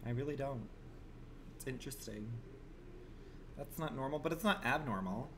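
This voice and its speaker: Male streamer, campy and foul-mouthed, mid-range voice, noisy stream audio with the game going behind. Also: normal speed. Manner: campy and profane, swinging from murmurs to shrill outbursts. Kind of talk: live gameplay commentary.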